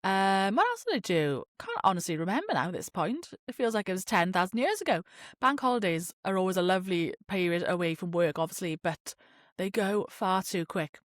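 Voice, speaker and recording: A woman's voice: mid-range voice, very animated, fairly quick, no echo, studio quality. A woman hosting her own podcast, chatting in a rambling, sweary way with lots of fillers while she has a cold. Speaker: podcast host. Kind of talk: casual solo podcast chat.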